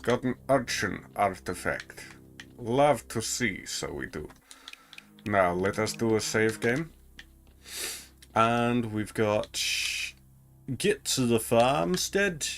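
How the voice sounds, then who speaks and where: A man's voice: mid-range voice, a little hiss or hum. A man giving casual commentary while playing a game, chatting to himself as he goes. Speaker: gaming streamer.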